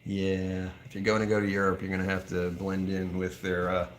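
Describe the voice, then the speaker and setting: There's a little hiss or hum behind this low, monotone voice moving at a normal speed. He's an American man hosting a whiskey livestream in an indoor whiskey bar, chatting easily, joking, and going through viewer comments.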